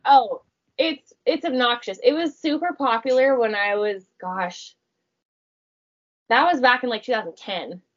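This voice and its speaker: A woman in her thirties talks in a loose, rambling way, breaking into laughter and snatches of song. Her voice sits a little high for a woman. The recording is dull and muffled. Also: measured pace. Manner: rambling, laughs often, sings snippets. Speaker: podcast co-host. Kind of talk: casual chat.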